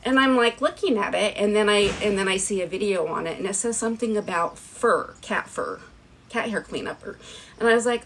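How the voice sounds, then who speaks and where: A woman in a casual livestream shows off her products one by one. Her voice is firm and a little stern, sitting in an ordinary middle pitch. She rambles on, tagging "right?" onto her points, with faint room noise behind her. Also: a little fast, rough recording. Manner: rambling, chatty, keeps asking "right?". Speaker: TikTok live seller. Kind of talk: casual live product showcase. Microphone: phone livestream.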